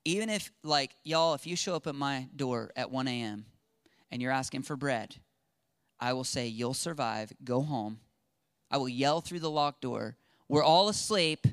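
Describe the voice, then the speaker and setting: A man preaching a sermon in an animated way, acting out quotes and swinging from loud to hushed. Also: mid-range voice, moderate pace, clean tone, dry recording, studio quality. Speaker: pastor.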